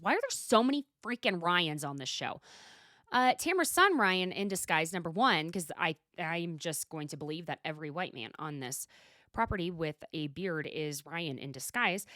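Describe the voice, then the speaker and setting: A woman's voice: on the low side, fairly bright tone, dry recording, studio quality. A woman hosting a solo podcast, recapping a reality show in a chatty, sarcastic, gossipy way. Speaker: podcast host.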